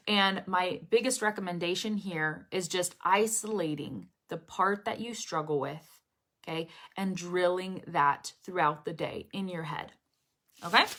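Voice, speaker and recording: Bright-voiced woman drilling pronunciation. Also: lowish voice. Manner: casual, repeats drill phrases many times; often checks in with "okay?". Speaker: English pronunciation teacher. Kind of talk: live online lesson.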